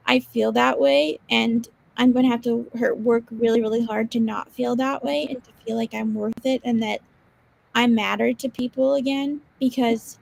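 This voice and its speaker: A woman's voice: on the high side, vocal fry, darkish tone, rough recording. A young woman co-hosting a podcast, speaking hesitantly with self-doubt, her sentences trailing off. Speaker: podcast co-host. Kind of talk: heartfelt casual chat.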